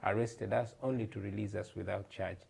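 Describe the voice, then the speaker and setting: A man from Uganda with a fairly low, gravelly voice talks as a guest in a TV studio. He speaks in an earnest, emphatic way and often repeats his words. He sounds to be in his thirties. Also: steady tone, a little fast, a little mellow. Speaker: guest, musician. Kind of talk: TV interview.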